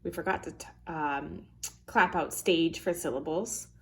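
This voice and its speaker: Slow, careful woman teaching phonics. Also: sits low, a bit bright. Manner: slow, careful, sounding out words. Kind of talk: phonics lesson for children.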